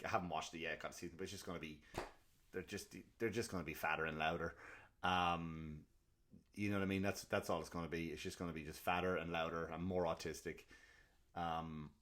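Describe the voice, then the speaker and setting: A young man hosting a comedy podcast, ranting in a rambling, profane, animated way, full of restarts and put-on quotes. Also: on the low side.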